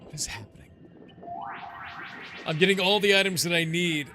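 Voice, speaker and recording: A man's voice: sits high, normal speed, sharp tone, faint music behind. A man streaming a game in casual chat, thinking aloud and swearing under his breath as he plays.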